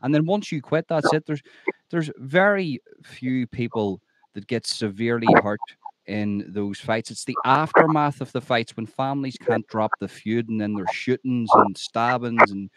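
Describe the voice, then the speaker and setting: A man's voice: mid-range voice, normal speed, fairly bright tone, dry recording. A man hosting a podcast interview who talks in an emphatic, opinionated way and repeats himself when he stresses a point. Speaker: podcast host. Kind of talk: conversational interview.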